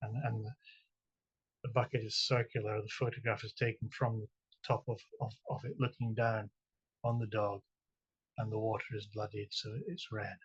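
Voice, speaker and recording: A Scottish man, a poet, introducing and reading his own poems, halting with repeated words between the poems and slow and chant-like in the verse. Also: fairly low pitch, flat delivery, slightly rough. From Scotland. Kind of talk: poetry reading with spoken introductions. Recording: dull lo-fi recording.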